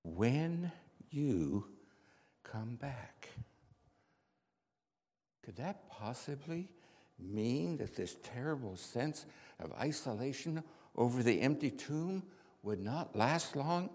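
A man preaching a dramatic first-person sermon monologue, slow storytelling that drops to hushed tones and bursts out loud. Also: mid-range voice, animated. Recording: reverberant hall.

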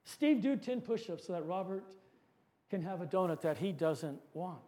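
A man with a high voice playing a calm, firm male college professor who speaks in a measured, quietly insistent way.

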